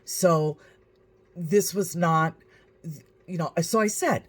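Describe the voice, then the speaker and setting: A woman's voice: lowish voice, slow pace. A woman vlogger telling a story to camera in a dry, wry, matter-of-fact way.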